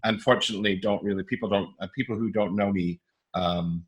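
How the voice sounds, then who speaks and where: Fifty-something guy, kinda low voice, mixed transatlantic accent, jokey and rambly, keeps restarting. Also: fairly even intonation, fairly quick, dull audio. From Canada. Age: 50s. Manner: playful, self-deprecating, rambling with restarts. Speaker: guest speaker. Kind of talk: casual interview chat.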